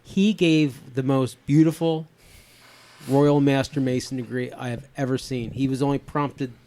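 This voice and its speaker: A podcast host in his fifties chats casually, rambling with plenty of fillers and restarts. His mid-range voice is mellow and a little slow, with fairly even intonation.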